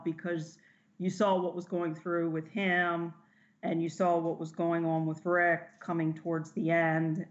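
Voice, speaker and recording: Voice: mid-range voice, dull audio. A podcast co-host speaking hesitantly and reflectively in a casual chat.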